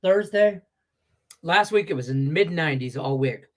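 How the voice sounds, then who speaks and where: A man's voice: on the high side, normal speed. A man on a sports betting show, ranting with profanity and heat, his voice congested from stuffed sinuses. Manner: profane, ranting, heated and animated. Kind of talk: casual sports betting talk show rant. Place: Las Vegas.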